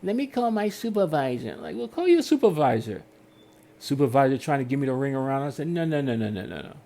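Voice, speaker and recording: A man's voice: medium pitch, quick pace. A man telling a story in a casual rant, acting out customer service calls in different voices. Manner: animated storytelling, acts out phone calls in voices. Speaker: podcast host.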